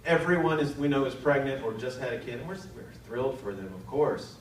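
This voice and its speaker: A man's voice: mid-range voice, a little fast. A man in his thirties doing a self-deprecating stand-up comedy set on stage, jumping into quoted voices. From North Carolina, United States. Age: 30s. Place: arts center stage before a laughing audience. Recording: echoey room from far off, loud hiss.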